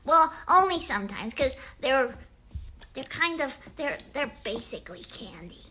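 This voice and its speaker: Woman voicing a very high, bright little girl puppet; chatty, rambling, talks slowly to kids. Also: sing-song, exaggerated voice. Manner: rambling, hesitant, talks straight to young viewers. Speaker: puppet show host. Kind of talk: children's puppet livestream.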